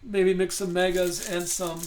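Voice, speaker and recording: A man's voice: high voice, little pitch movement, measured pace, slight background noise. A man hosting a live card break, chatting casually, thinking aloud and reading off names as he opens packs. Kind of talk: live card-opening stream chat.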